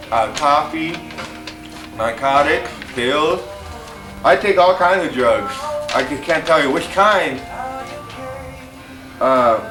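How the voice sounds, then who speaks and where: A man's voice: on the high side, echoey room, recorded from a distance. A man hosting a TV show, rambling and boastful as he answers a viewer's letter. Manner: rambling, boastful, playing both sides of a debate. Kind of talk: rambling talk to camera.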